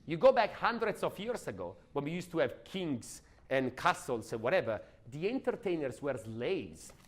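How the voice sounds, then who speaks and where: Energetic, emphatic male sales trainer. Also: on the high side, moderate pace. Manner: energetic, emphatic, asks audience questions. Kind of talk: motivational training talk.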